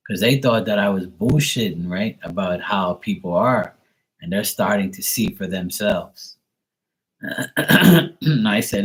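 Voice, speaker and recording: A man with a low, husky voice talks loosely to his livestream viewers. He tells anecdotes in a relaxed, profane way and slips into impressions of his friends' slang. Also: takes it slowly. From Bermuda. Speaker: live tarot reader and streamer. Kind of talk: casual livestream chat.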